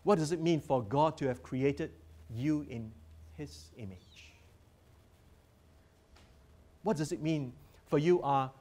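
A man's voice: on the high side, a little slow, a little mellow. Earnest man giving a teaching workshop. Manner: earnest, emphatic, guides listeners through slides. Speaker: workshop presenter, professor of Christian education.

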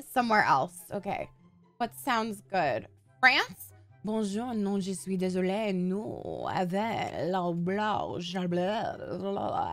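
A young woman gaming YouTuber giving casual let's-play commentary, excitable, profane and prone to dramatic outbursts. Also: a little high.

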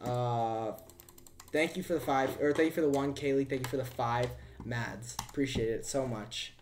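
A young man is streaming from a room at home. He talks loudly and excitably, swears freely and shouts thanks to his chat. His voice sits at a middling pitch, with faint background noise. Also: normal speed. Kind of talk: casual live-stream chat.

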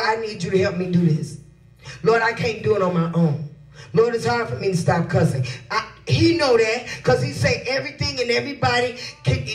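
A woman pastor preaching a sermon in a candid, conversational way, laughing along as she goes. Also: mid-range voice. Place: church sanctuary. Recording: echoey room from a distance.

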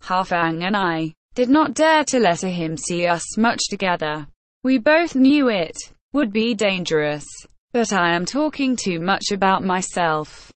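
A woman voicing a pale, resolute young woman in an audiobook, speaking in a clear and firm way. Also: mid-range voice, expressive, a little slow, no echo, close to an everyday voice.

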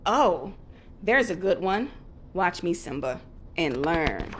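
A woman voicing a bossy, boastful male meerkat in a storybook read-aloud, talking loud and snappy. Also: fairly low pitch, sing-song, slow pace, slight background noise. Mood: eager.

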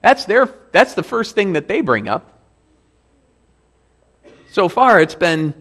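A man's voice: high voice, sing-song, slow, long pauses, a bit bright. A male pastor giving a sermon in a church, explaining scripture in a conversational way and reading verses aloud with emphasis.

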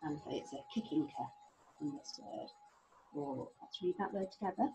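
A middle-aged woman teaching a phonics lesson to young children, sounding out letters slowly with a sing-song, encouraging manner. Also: mid-range voice, big pitch swings, gravelly, background noise. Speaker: primary school teacher.

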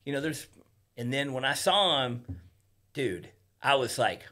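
Bright-voiced man telling loose stories. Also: medium pitch, animated, measured pace. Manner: loose storyteller, swears freely, acts out quotes. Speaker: guest. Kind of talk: casual podcast chat. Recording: podcast studio.

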